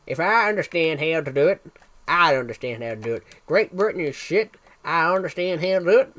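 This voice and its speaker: A man putting on a Texan accent, voicing a weary working man who repeats his daily routine in a drawn-out, deadpan way. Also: a little high. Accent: put-on Texan.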